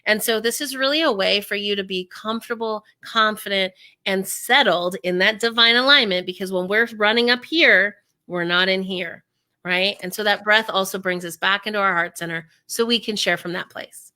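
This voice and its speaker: A woman speaking coach as an interview guest, energetic and acting out inner voices as she explains. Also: mid-range voice, moderate pace.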